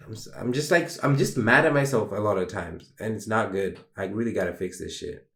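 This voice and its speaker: A man's voice: fairly low pitch, a little fast. A young man hosting a solo podcast, talking in a rambling, emotional, candid way and swearing casually. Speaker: podcast host. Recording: roomy echo.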